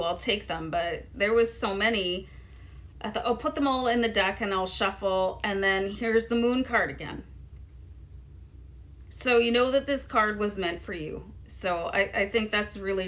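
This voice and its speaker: A woman's voice: medium pitch, a bit bright. Woman, mid-range voice, easygoing tarot reader talking straight to viewers, loose and chatty. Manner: chatty, loose, lots of "you know" and "um". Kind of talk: casual tarot reading to viewers.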